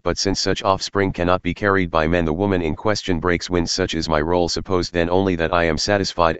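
A man's voice: deep voice, clear, resonant tone, dry recording, highs cut off, close to an everyday voice. A man voicing a proud male winged dragon demon who speaks in a matter-of-fact way.

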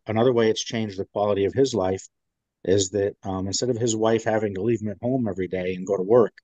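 A man with a lowish voice tells a rambling veteran's story, full of fillers and restarts. The recording is dry and close but dull and lo-fi. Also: darkish tone, no room sound. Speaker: guest, veteran. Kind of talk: casual storytelling in an interview.

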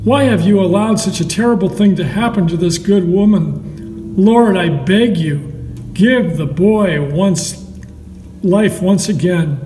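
An earnest, fervent prophet speaks slowly and high in a storybook telling, as a man reads his part. The sound is roomy and distant, with a long hall echo. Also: dark tone, slight background noise. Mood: pleading. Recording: echoey hall, mic far off.

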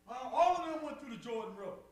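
A man with a very high, darkish-toned voice preaches fast and expressively in a church sanctuary, delivering a call-and-response sermon that repeats phrases and rises in fervor. The recording is echoey, taken from far off, with a faint hum.

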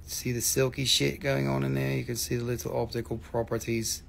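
A man hosting a live stream where he sells stones, showing pieces, repeating prices and answering chat in an excitable, casual way. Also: mid-range voice, fairly quick, vocal fry, few pauses.

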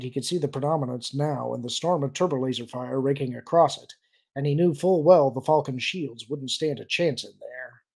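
Audiobook narration: a man with a gravelly, husky voice, steady storytelling. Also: mid-range voice.

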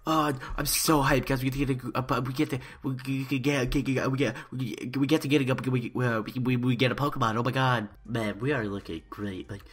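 A man's voice: medium pitch, steady tone, fairly quick, hardly any pauses, a bit bright, breathy edge. A young man doing parody let's-play commentary, stammering and overhyped in a mock-earnest way. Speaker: YouTuber.

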